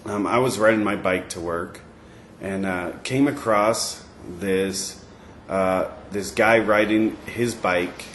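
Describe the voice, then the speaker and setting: A man co-hosting a podcast, telling a story in a rambling way with many pauses and fillers. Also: fairly low pitch, fairly bright tone, echoey room, a little hiss or hum. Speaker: podcast co-host. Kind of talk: casual chat.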